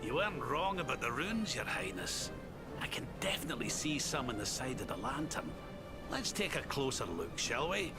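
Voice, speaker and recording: A gravelly, older adventurer from a game, lively in pitch and rough-edged. Loud game music runs beneath him. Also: male voice, moderate pace. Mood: curious.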